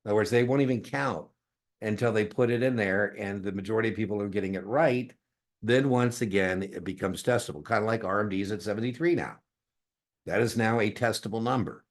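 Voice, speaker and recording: Lively man teaching exam prep. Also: fairly low pitch, a little fast. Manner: animated, jokey, acts out dialogues with students. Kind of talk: lecture class replay.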